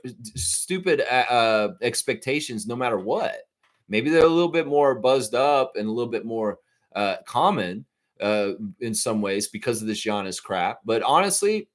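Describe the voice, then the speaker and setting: A man hosting a live fan stream, reading chat and ranting with heavy swearing. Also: lowish voice. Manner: fired-up, profane ranting that swings loud. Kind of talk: casual fan reaction stream.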